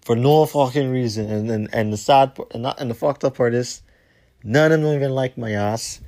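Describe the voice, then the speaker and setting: A man telling a rambling story as a podcast host, heated and profane, repeating himself and trailing off low at the ends of lines. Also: normal speed, mellow.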